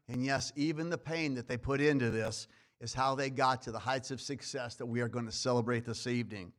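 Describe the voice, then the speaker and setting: A man's voice: mid-range voice, fairly even intonation, normal speed, fairly bright tone. Brooklyn-accented man giving a folksy ceremony speech. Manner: folksy, emphatic, with rhythmic rhetorical lists. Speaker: dean hosting a student awards ceremony. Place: college event hall before a live audience.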